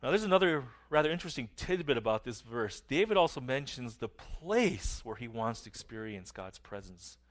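A middle-aged man preaching a sermon earnestly, his phrases often trailing off softly at the ends. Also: mid-range voice, very animated, moderate pace, few pauses. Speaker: pastor.

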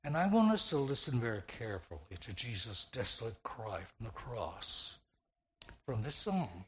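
A man preaching a slow, meditative sermon, repeating phrases and shifting the stress from word to word. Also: mid-range voice, sing-song.

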